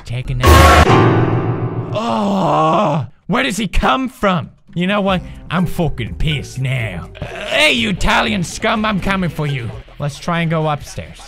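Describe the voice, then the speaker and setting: A man's voice: high-pitched, big pitch swings, slow pace, vocal fry, a bit bright, faint music behind. Jumpy screaming man playing a horror game. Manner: jumpy, screams and swears, talks to himself. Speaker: gaming video host. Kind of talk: horror game let's play commentary.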